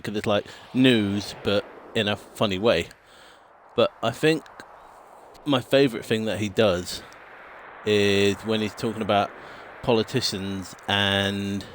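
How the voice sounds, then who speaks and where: A man's voice: on the low side, unhurried, a little hiss or hum. A British man streaming a game and chatting casually in a rambling way, swearing now and then and mimicking sound clips. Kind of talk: casual chat while gaming.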